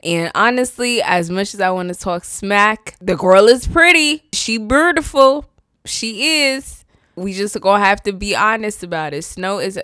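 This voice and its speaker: A young woman with a British accent hosts her podcast solo, talking in a loose, playful, joking way. Her voice sits fairly low for a woman. The sound is dry and close, with no room echo. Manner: playful, animated, sings little jingles and jokes. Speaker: podcast host. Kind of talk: casual solo podcast chat.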